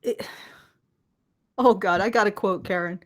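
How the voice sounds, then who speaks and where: A woman's voice: mid-range voice, measured pace. A woman hosting a podcast in casual commentary, sarcastic and profane, often restarting her words. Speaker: podcast host.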